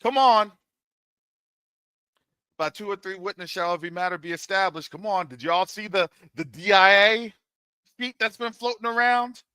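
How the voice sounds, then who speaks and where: Male host from Florida, casual commentary, bright and lively delivery, fairly high voice, dry close sound. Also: moderate pace, pauses often, clean tone, no echo. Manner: animated, jokey, preacherly asides. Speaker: channel host.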